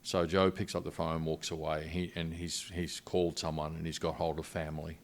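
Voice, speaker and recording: A middle-aged man, a missionary guest, telling a personal story in a podcast interview in an earnest, halting way with frequent restarts. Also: very deep voice, level tone, slight background noise.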